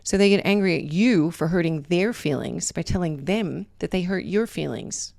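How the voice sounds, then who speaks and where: A woman with a low voice talks through everyday advice in a relaxed, conversational way. She keeps checking in with the listener by asking "right?" after her points. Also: normal speed, creaky. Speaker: podcast host. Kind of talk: casual advice monologue.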